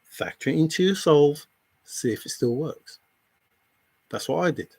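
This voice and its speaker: A man with a fairly high voice, lecturing his audience in a heated live stream rant. He repeats himself again and again, exasperated that nobody will listen. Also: expressive, a little slow, vocal fry, a little mellow, slightly rough. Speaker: treasure hunt commentator.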